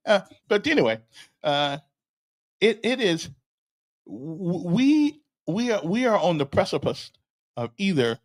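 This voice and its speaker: A man's voice: sits high, big pitch swings, measured pace, pauses often. An older man hosting a casual stream, telling a rambling story with stammers, repeated words and chuckles, and talking straight to a listener. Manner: chuckles often and talks directly to a listener. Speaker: host. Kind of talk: casual livestream chat.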